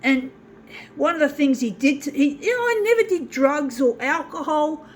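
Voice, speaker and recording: High-pitched woman venting to her viewers, swears a lot, keeps restarting her sentences, bit of faint room noise. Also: lively intonation, moderate pace. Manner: blunt and profane, rambling with many restarts; bitter and aggrieved. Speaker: vlogger talking to viewers. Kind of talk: casual personal monologue.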